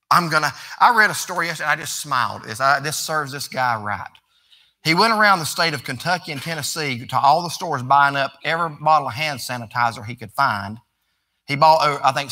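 A man's voice: on the high side, bright, forceful tone. A man, preaching a sermon as pastor in a folksy, conversational way that rises to emphatic preaching.

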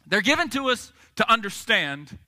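A young man preaching a sermon, retelling a Bible story in a casual, animated way with slang. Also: high voice, normal speed. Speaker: pastor.

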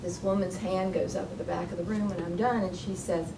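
A woman on a writers' panel telling a lively personal anecdote, laughing as she goes. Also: mid-range voice, fairly quick, few pauses. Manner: storytelling, lively, laughing, with restarts. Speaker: panelist, author and writing professor. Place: lecture hall at a public panel. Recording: distant, noisy hall recording.

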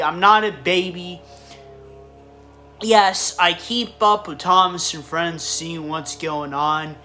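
A man rambling to his viewers in an unhurried, halting way. He often trips over his words, and faint music plays behind him. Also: high voice, sharp tone. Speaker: video creator. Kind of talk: casual vlog talk.

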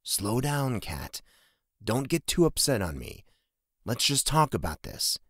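A man voicing a concerned middle-aged farmer speaking calmly to his daughter. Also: lowish voice, moderate pace, no echo, clean studio sound, lightly acted. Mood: gentle. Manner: calm, fatherly.

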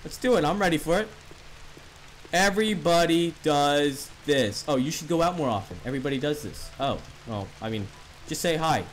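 High, lively joking gamer guy. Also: normal speed, a little hiss or hum. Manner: joking, swearing, nervous laughs. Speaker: gaming YouTuber. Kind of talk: horror game let's play commentary.

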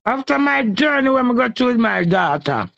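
Jamaican woman, heated scolding rant, raspy gravelly voice, dull lo-fi phone sound. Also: fairly high pitch, sing-song, moderate pace, a bit bright. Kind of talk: angry ranting live stream.

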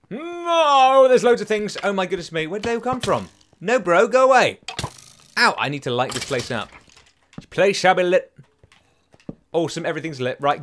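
A young gaming channel host gives chatty, excitable let's play commentary in a fairly high voice that jumps up and down constantly. Between bursts of delight he mocks himself and sings silly chants.

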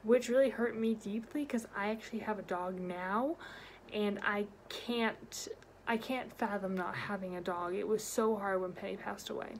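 A woman vlogger telling a personal story in an animated, expressive way. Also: normal speed, slight background noise. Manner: animated, expressive storytelling with big pitch swings. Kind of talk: storytime vlog.

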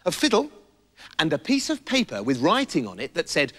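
A man with an English accent narrating a comic children's story with playful, animated mock horror. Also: fairly high pitch, brisk. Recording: roomy reverb, faint music.

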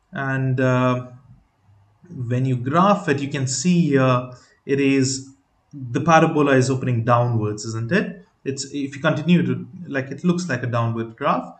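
Step by step, this man teaches math with patience, asking rhetorical questions and leaning on plenty of fillers. His voice runs a little high. The room is echoey.

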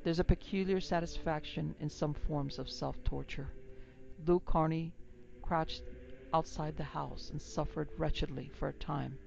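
A woman narrating a classic western story in a measured, even reading. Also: low-pitched, creaky, muffled recording. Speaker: narrator and producer.

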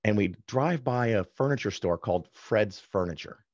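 A man guest on a podcast, casually telling anecdotes with quick asides and self-corrections. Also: fairly low pitch, animated, darkish tone, highs cut off, a little hiss or hum. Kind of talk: casual storytelling in conversation.

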